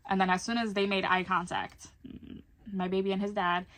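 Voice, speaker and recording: A woman's voice: mid-range voice, flat delivery, normal speed, fairly bright tone. A young adult woman telling a personal story in a casual vlog, chatty and candid, swearing now and then. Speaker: vlogger.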